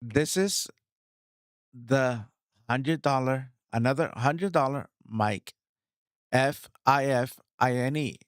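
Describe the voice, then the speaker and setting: A man chatting in a casual vlog about his new microphone setup, excited, repeating himself and talking straight to viewers on a studio mic. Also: mid-range voice, takes it slowly, long pauses, no room sound. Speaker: streamer reviewing his gear. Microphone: studio microphone, swapped between two.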